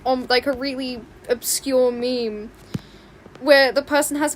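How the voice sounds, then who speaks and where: Excitable high-voiced young woman streamer. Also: measured pace, slight background noise. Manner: excitable, rambling, squeals and laughs often. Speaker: livestreaming artist. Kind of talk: casual stream chat while drawing. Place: home room with open window.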